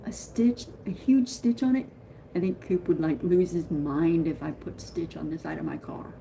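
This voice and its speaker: A woman chatting on a live stream in a rambling, excitable way, greeting viewers as she talks. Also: on the low side, normal speed, vocal fry, slight background noise. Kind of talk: casual live-stream chat.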